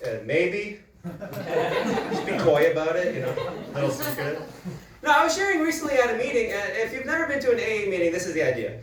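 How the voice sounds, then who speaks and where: A high-pitched, lively man doing a stand-up set, teasing himself and laughing through the jokes. He is picked up from a distance in a roomy club, with clear audience noise underneath. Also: fast. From Manitoba, Canada. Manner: animated, self-deprecating, laughing through punchlines. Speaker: stand-up comedian. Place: comedy club stage.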